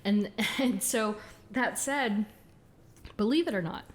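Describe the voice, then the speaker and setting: A woman's voice: medium pitch, slow. Chatty woman podcast co-host. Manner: chatty, lists details, laughs often. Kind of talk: casual chat.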